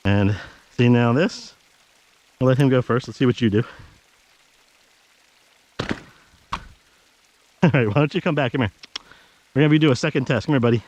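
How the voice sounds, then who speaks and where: A man's voice: medium pitch, moderate pace, pauses often, darkish tone, slight background noise, low-quality recording. A man casually narrating while hiking outdoors on a snowy trail, chatting to the camera and giving his dog firm commands, recorded on an action camera. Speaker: hiking vlogger.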